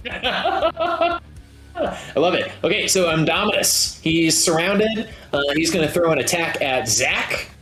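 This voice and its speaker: Slow-talking game master, faint guitar behind. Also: male voice, a little high. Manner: relaxed, halting with many fillers. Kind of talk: narrating a tabletop game over voice chat.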